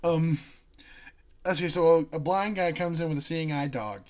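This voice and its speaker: Joking young man, higher voice. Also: moderate pace. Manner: laughs often, tells long jokes with voiced characters. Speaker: co-host. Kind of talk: casual chat, telling jokes.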